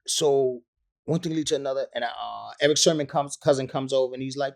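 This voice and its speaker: A man's voice: medium pitch, fast talker, gravelly. A man in his fifties, a rapper being interviewed, telling a long anecdote in casual slang. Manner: slangy, acts out other people's voices in quotes. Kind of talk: animated storytelling anecdote.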